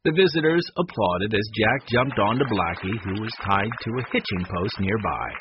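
A man narrating a children's storybook in a calm, measured, expressive way, on a dull lo-fi recording. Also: on the low side, background noise. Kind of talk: storybook reading.

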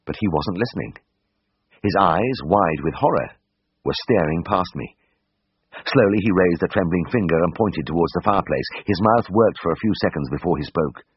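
A man reading a first-person story aloud in a measured, dryly expressive way, in a slightly dull recording. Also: low-pitched, breathy edge, no echo. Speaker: audiobook narrator.

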